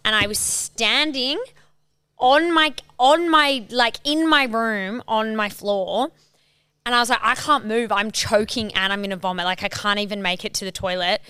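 Smooth-voiced young woman. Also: a little high, normal speed, pushed and bright, no echo. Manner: chatty, laughing reactions, acts out quotes. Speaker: podcast co-host. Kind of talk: casual chat.

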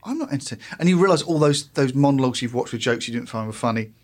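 A man's voice: mid-range voice, fast. A man on a podcast, working through long, thoughtful points about comedy. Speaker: podcast co-host. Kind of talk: casual chat.

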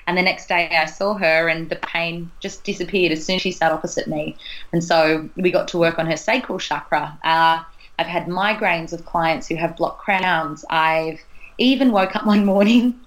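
A woman's voice: fairly low pitch, moderate pace, low-quality recording. A young adult woman from Australia telling a personal story in an earnest, chatty way as an interview guest. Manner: earnest, chatty, laughs between thoughts. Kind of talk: casual storytelling in a podcast interview.

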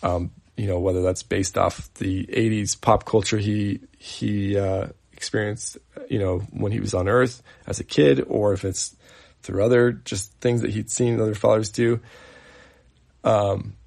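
A man in his thirties hosting a podcast, telling a personal story in an earnest, halting way with many fillers and restarts. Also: fairly low pitch, steady tone, gravelly, a little mellow. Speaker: podcast host.

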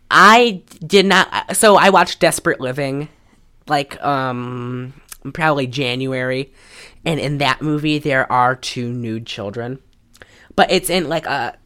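A woman casually recapping a film's plot on a podcast, telling it in an animated way with lots of "like.". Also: sits low. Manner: animated storytelling, frequent "like". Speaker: podcast co-host. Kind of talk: casual film recap chat.

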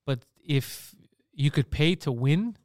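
A podcast co-host of Greek family background talks in a fairly high voice at a slow pace, recorded dry with clean studio sound. In casual chat he tells stories animatedly and swears often.

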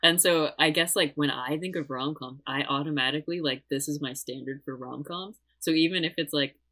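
A woman's voice: deep voice, a little fast, poor audio. A young woman in casual podcast chat about a movie, laughing often and acting out lines she quotes. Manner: giggly, animated, quotes lines in acted voices.

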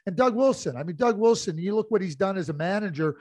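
A man's voice: high voice, expressive, fast, a little mellow, no room sound. A man co-hosting a podcast, breaking down the game in casual chat, with frequent restarts. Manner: analytical, many restarts and fillers. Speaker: podcast co-host, hockey analyst.

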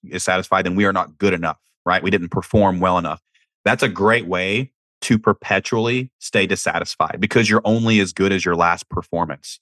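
A young man with a low voice talks candidly in a relaxed, conversational way, often repeating a word as he restarts a thought. The sound is dry and close, with no room echo. He sounds like a podcast host giving frank advice. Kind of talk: casual advice talk.

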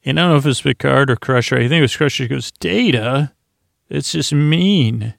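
A man's voice: medium pitch, fairly even intonation, creaky, fairly bright tone, dry recording, clean studio sound. A male podcast host giving a meandering episode recap for a sleep show, full of "uh" fillers and restarts. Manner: meandering, halting, full of "uh" fillers and self-corrections.

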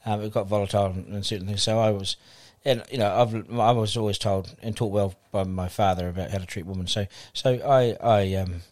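Fast-talking low-voiced New Zealand man. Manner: animated anecdotal storytelling, acting out quoted dialogue. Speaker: guest broadcaster. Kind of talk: podcast interview storytelling.

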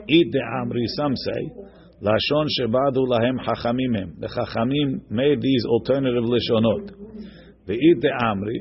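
A man's voice: medium pitch, dull audio. Man reading and explaining a text in class. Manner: reads the text aloud, then translates and explains it; repeats and restarts words while explaining. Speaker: Talmud teacher. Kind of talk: line-by-line text study class.

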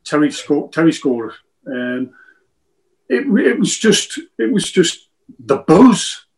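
Fifties man, former footballer guest, rambling and jokey, slightly high voice. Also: big pitch swings, slow, poor audio. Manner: rambling, joking, repeats himself. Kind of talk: casual interview chat.

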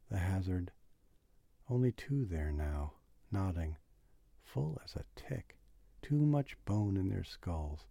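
Slow, dark-voiced male reader. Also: sits low, no echo. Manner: slow, measured, unhurried delivery. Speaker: audiobook reader. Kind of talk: literary audiobook reading.

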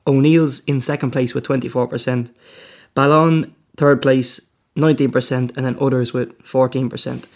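An Irish man chats easily as host of a podcast, his voice carrying a gravelly fry. He jokes and banters as he runs through poll numbers. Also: medium pitch, flat delivery, normal speed, a little mellow. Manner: joking, banters and reads out poll results. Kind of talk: casual podcast chat.

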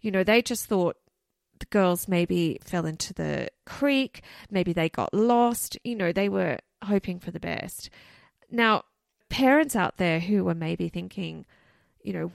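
A woman's voice: fairly low pitch, unhurried, vocal fry, no echo, clean studio sound. A woman co-hosting a podcast, telling a case in a chatty, loose way full of asides. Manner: chatty, loose, many "you know" and "like" asides. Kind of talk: casual storytelling chat.

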